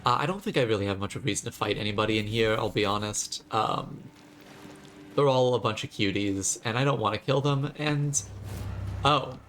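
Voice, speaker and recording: A man's voice: fairly low pitch, moderate pace, a bit bright, slight background noise. A man streaming a video game and chatting to viewers with sarcastic, jokey asides. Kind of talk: live gameplay commentary.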